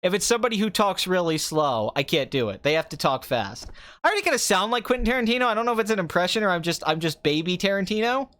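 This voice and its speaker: A male podcast host chatting casually, quick and self-mocking. His voice moves up and down with lively pitch. The recording sounds dry and close. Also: no echo. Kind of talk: casual chat.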